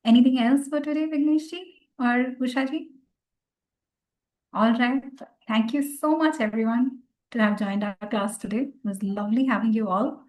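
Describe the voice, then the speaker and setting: A woman, gently guiding a meditation class and encouraging her students. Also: on the high side, moderate pace, rough recording. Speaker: meditation teacher. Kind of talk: online class talk.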